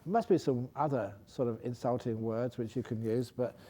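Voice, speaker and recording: In a lighthearted dharma talk, a monk shares a joke, laughing at it as he goes and breaking off to fix the telling. He speaks at a moderate pace in a mid-range voice with a dark tone.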